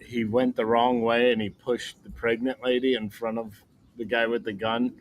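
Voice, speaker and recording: A man's voice: medium pitch, level tone, moderate pace, a little hiss or hum. Rambling, laughing man co-host. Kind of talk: casual comedic chat.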